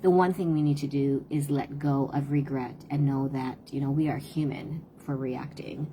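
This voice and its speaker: Woman in her 50s doing a live parenting talk, deep-ish warm voice, earnest, lots of ums. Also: steady tone, moderate pace, a little hiss or hum. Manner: earnest, conversational, frequent hesitations. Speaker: parenting talk host and tutor. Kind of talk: live-streamed advice talk.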